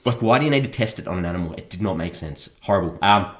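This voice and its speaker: A man's voice: low-pitched, lively intonation, fast talker, fairly bright tone. A man casually reviewing a film on a podcast, chuckling often as he mocks what he saw. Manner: chuckles often, mocking and critical.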